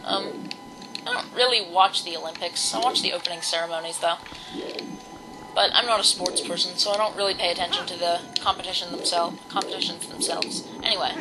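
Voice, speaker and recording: A woman's voice: lowish voice, fairly even intonation, fairly quick, low-quality recording. A woman giving casual, rambling commentary while playing a video game, with many ums and restarts. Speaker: let's play host. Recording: game music in the background.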